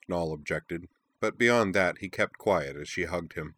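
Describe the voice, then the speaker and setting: Male audiobook narrator, very low voice, dry studio sound, measured storytelling. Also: a bit bright, no room sound.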